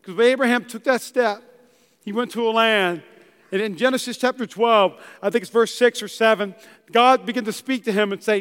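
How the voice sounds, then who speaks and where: A man's voice: high-pitched, moderate pace, a bit bright, clear, resonant tone, big-room sound. A young man preaching a sermon in a church, telling stories and acting out voices as he goes. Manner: storytelling preacher, acts out voices. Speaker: pastor. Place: church hall.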